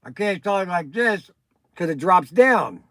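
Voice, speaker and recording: Older male livestream host, high-pitched, rambling chat with viewers, dry close sound. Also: very animated, unhurried, a bit bright, dry recording. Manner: rambling, chatty, addresses viewers by name. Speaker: toy shop host answering viewers.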